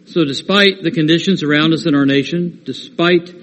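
A man delivers a sermon in an earnest, steady voice that climbs to emphatic stress on scripture quotes. His voice sits a little high for a man. A long hall reverb trails each phrase. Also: moderate pace. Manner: earnest, rising to emphatic when quoting scripture. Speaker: preacher.

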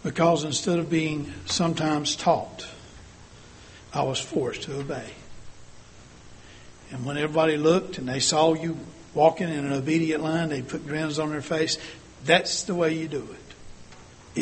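A man's voice: on the high side, steady tone, moderate pace, slight background noise. An older man delivering an earnest sermon, asking the congregation many rhetorical questions. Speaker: church speaker.

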